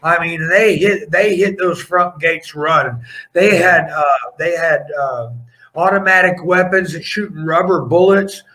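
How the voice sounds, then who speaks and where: A middle-aged former pro wrestler, guesting on a podcast, tells stories in a casual interview, animated and rambling, often cutting himself off to restart a sentence. His voice sits a little high for a man with a bright, forceful edge. He talks a little slowly, and the recording is low quality.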